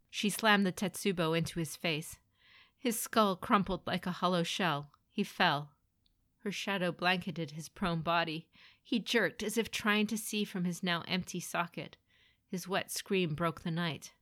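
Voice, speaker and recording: A woman narrating a grim fantasy story in a dramatic, expressive reading. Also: on the low side, measured pace, no room sound, studio quality.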